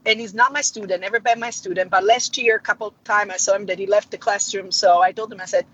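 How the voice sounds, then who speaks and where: A woman's voice: quick pace, slightly rough. A woman, a middle school art teacher, telling classroom stories in casual chat and acting out the voices of the people she quotes. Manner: animated, acts out quoted dialogue with big pitch jumps. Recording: slightly dull audio with faint noise.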